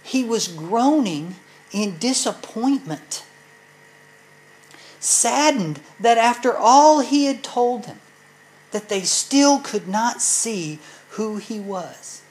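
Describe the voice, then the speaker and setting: Slow, earnest woman Bible teacher. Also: mid-range voice, a little mellow, a little hiss or hum, low-quality recording. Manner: earnest, explanatory, addresses listeners directly. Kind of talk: sermon.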